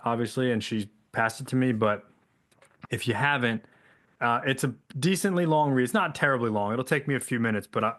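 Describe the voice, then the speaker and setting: A man hosts a podcast about recovery in a casual, chatty way. His voice sits at an ordinary middle pitch. He talks hesitantly, restarting his sentences, and sounds moved close to tears. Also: a bit bright. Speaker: podcast host.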